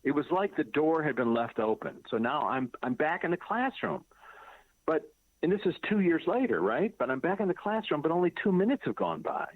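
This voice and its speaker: A middle-aged man tells his story with a lively, swinging pitch, jumping into other people's voices and laughing as he goes. The sound is dry and narrow, as if coming down a telephone line. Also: fairly quick, no room sound. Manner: acts out quoted voices, laughs often. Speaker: guest author telling a personal story. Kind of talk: animated conversational storytelling.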